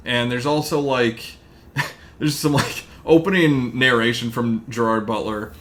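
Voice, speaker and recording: A man's voice: mid-range voice, measured pace, fairly bright tone. Man rambling through a casual movie recap. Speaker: podcast host. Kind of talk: casual chat.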